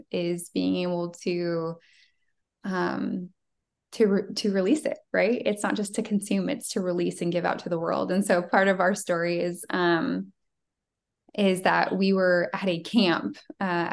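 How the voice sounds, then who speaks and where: A woman's voice: fairly low pitch, creaky. A woman in her thirties, a podcast guest, telling a personal faith story in an earnest, conversational way and acting out the dialogue. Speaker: podcast guest, prophetic trainer.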